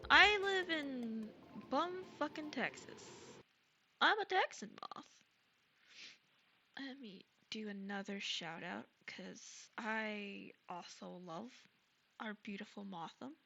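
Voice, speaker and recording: A woman streaming live while gaming, chatting casually and gushing excitedly over her viewers. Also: fairly high pitch, slow, vocal fry, highs cut off, soft background music. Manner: bubbly and gushing, thanks chat excitedly.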